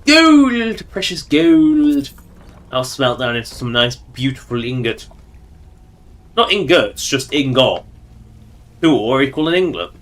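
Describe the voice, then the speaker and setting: A man's voice: mid-range voice, animated, measured pace, long pauses, a bit bright. A man giving casual, joking commentary while livestreaming a game and talking to its characters. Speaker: streamer.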